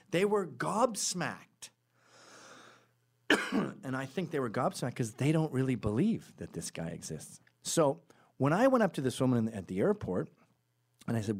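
A man tells a rambling anecdote on his podcast, stepping away from it for asides and fixing his words as he goes. His pitch swings widely, and he slips into the voices of the people he describes. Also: big pitch swings, normal speed, slightly rough. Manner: acts out quoted voices in the stories. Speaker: podcast host. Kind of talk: casual storytelling monologue.

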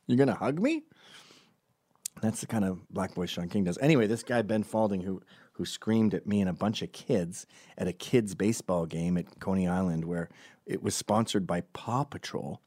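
A man hosting a comedic political monologue, sardonic and animated, slipping in and out of mocking impressions and swinging between loud and hushed delivery. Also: low voice, moderate pace, dry recording.

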